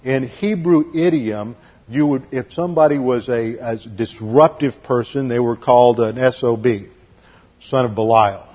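A man's voice: medium pitch, a little slow, husky, muffled recording. A man teaching a methodical expository sermon, listing numbered points and spelling out words. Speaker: Bible teacher.

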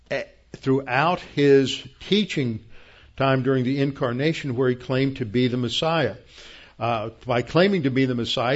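A man preaching a verse-by-verse Bible lesson in a plain explaining tone, often pausing on fillers and restarting sentences. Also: mid-range voice, highs cut off. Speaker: pastor. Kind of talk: Bible teaching sermon.

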